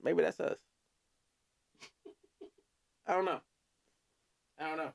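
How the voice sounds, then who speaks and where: A man's voice: on the high side, slow, creaky. A man hosting a casual podcast chat, laid-back and rambling, with many fillers and chuckles. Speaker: podcast host.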